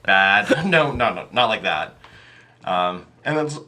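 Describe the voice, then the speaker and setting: As a podcast guest, a game master rambles about running tabletop games in a casual interview, full of fillers and restarts. His voice sits on the low side, with lively intonation, a slightly slow pace, and a pushed, bright quality.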